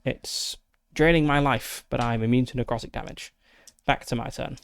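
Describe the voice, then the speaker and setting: A man's voice: mid-range voice, steady tone, normal speed, vocal fry, clean tone. A man casually narrating his solo tabletop game, methodically thinking aloud through dice rolls and rules with frequent fillers, into a close desk mic.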